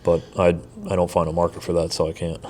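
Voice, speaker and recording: Guest, male, very deep voice, measured and hesitant. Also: monotone, a little mellow, slight background noise. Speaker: licensed mold assessor, guest. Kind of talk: casual podcast conversation.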